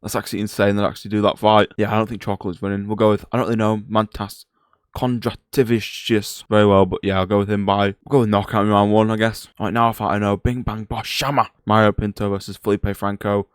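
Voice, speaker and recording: A man's voice: fairly low pitch, flat delivery, quick pace, clean tone, dry recording, studio quality. A young man with a rambling, chatty manner, giving casual fight predictions on a vlog and questioning himself aloud. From Britain. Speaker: MMA YouTuber.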